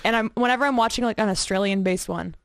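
A woman from Canada chatting as a podcast guest, giggly and animated in casual conversation. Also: mid-range voice, quick pace, no echo, studio quality. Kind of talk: casual chat.

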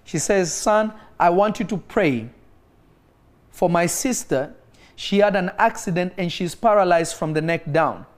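A man's voice: sits high, measured pace. A man preaching a sermon to an online audience. He tells a healing story and exhorts his listeners with emphatic, repeated phrases, at times breaking into praying in tongues.

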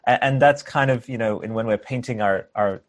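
A man's voice: medium pitch, brisk. A man hosting a podcast, talking casually and musing in metaphors with many fillers. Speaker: podcast host. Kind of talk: casual conversation.

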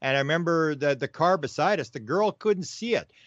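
Man, excitable storyteller, dry slightly muffled line. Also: a little high, no room sound. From Winnipeg, Canada. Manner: excitable, rapid-fire storyteller. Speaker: guest, author. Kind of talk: animated storytelling interview.

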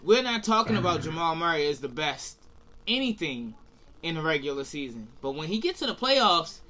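A man's voice: a little high, very animated, normal speed, pushed and bright, poor audio. A man co-hosting a casual sports talk show, blunt and slangy, laughing often.

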